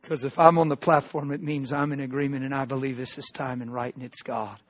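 A man preaching a personal testimony sermon, emotional, swinging between loud outbursts and hushed tones. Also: mid-range voice, flat delivery, brisk, dull audio, a little hiss or hum.

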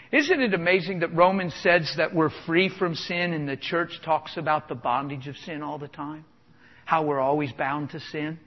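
A man preaching a sermon with exuberant, emphatic delivery, chuckling between points. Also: a little high. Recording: dull lo-fi sound with long hall reverb.

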